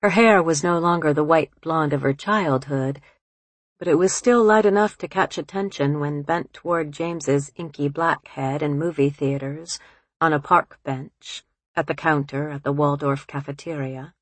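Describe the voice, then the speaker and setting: A woman reading literary fiction aloud in a calm, unhurried narration on a close studio mic. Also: deep voice, no room sound. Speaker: audiobook narrator.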